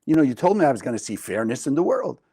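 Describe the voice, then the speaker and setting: A man's voice: medium pitch, very animated, very fast, warm tone, breathy edge. A man voicing a bewildered student in a parable, earnestly questioning why the world seems unfair. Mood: puzzled. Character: puzzled young male student questioning his teacher.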